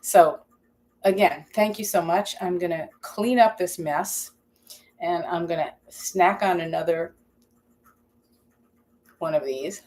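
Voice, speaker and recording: A woman hosting a live stream from her home kitchen, with a slightly low voice. She chats loosely and rambles, stopping to read viewer comments aloud. The talk is casual and unscripted. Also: takes it slowly, pauses often, darkish tone. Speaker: cooking channel host.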